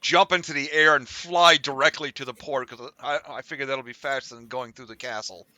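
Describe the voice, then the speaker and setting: A man playing in a tabletop game works eagerly through movement rules out loud. His voice has a bright, forceful edge, and he talks casually. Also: mid-range voice, steady tone, fairly quick, no room sound. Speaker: player.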